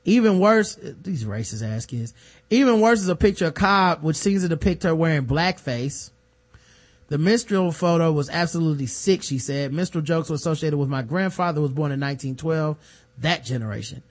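Man, podcast co-host, casual chat, animated and profane, slightly higher voice. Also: brisk. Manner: animated, profane, acts out quoted people.

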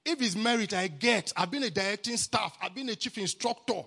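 A man with a Nigerian accent preaching a sermon at a church camp meeting, exuberant and calling for responses, at times rising to shouts. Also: high-pitched, brisk, vocal fry. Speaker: guest preacher.

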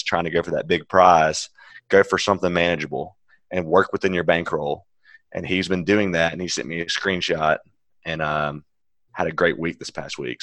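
A man co-hosting a casual podcast who talks in a measured way and gives advice. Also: low-pitched, fairly bright tone, no room sound. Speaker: podcast co-host.

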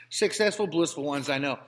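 A man's voice: fairly high pitch, fairly bright tone. A man co-hosting a comedic banter show, telling stories in a playfully pompous, mock-grand manner. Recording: long hall reverb.

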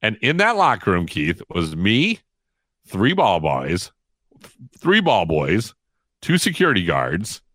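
A middle-aged man spins a long anecdote. His voice sits very low and comes across bright and forceful, and he laughs and acts out quotes along the way. The sound is close and dry. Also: huge pitch swings, takes it slowly, pauses often, dry recording. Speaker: guest storyteller. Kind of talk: casual storytelling.

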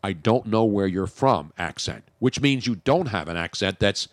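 A man's voice: fairly low pitch, lively intonation, normal speed, no room sound, clean studio sound. A man hosting a radio talk show, from the Philadelphia area, rambling and joking as he talks. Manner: rambling, joking, self-interrupting. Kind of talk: casual radio banter.

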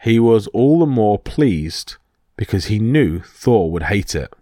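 Male podcast storyteller, low, steady, vivid, dry sound. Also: slow pace, no echo. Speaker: narrator. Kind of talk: storybook narration of myths.

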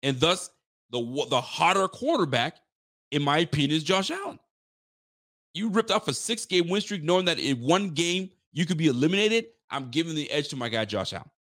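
A man's voice: on the high side, a little fast. A man hosting a casual live sports talk show, talking emphatically to his viewers and often restarting his sentences. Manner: excitable, emphatic, frequent restarts; chats directly to live viewers. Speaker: sports fan show host.

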